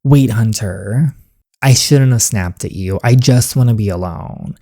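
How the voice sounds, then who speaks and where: A woman voicing a frustrated, sharp-tongued teenage princess in a story game, reading the lines plainly. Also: very deep voice, a little slow, no room sound, studio quality, exaggerated voice. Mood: sulky. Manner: reads the lines plainly while playing.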